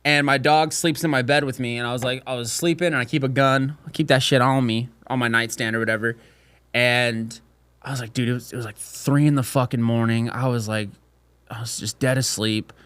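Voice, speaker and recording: A man's voice: mid-range voice, steady tone, a little fast, fairly bright tone, smooth, no room sound. A man co-hosting a podcast in casual chat, crude and laughing, acting out voices as he tells stories. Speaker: podcast co-host.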